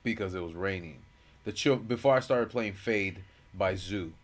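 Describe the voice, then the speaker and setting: Deep-voiced guy in his 30s, podcast cohost, chatty, acts out quotes. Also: moderate pace. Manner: animated storyteller, acts out quotes. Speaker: podcast co-host. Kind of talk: casual chat.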